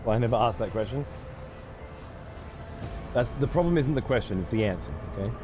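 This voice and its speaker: An Australian man streams a game, swearing freely and ranting in exasperation as he chats with viewers in casual commentary. His mid-range voice is animated and brisk, with music in the background.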